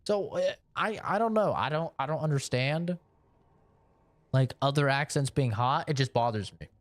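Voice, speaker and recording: Animated, opinionated Canadian man ranting. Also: medium pitch, moderate pace, no room sound. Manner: opinionated, animated, spells words out letter by letter. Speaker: streamer. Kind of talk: casual rant during a live game stream.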